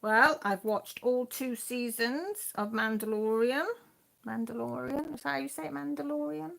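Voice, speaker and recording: A crafting channel host chats and rambles to her viewers and her dog in a casual phone-filmed live stream from home. She speaks at normal speed in a slightly high, somewhat bright voice with vocal fry.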